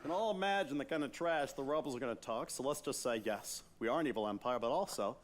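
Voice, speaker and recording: An actor playing a goofy, immature Darth Vader who is an over-eager joker, in a comic stage musical. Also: male voice, medium pitch, expressive, quick pace, noisy background, lightly acted. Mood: eager pitching. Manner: jokey, over-eager, chummy.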